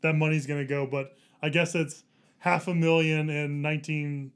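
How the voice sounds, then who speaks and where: A man's voice: on the high side, flat delivery, normal speed, clean tone. A man co-hosting a movie podcast, talking in a laid-back way with chuckling asides and trailing sentences. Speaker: podcast co-host. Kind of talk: casual movie discussion.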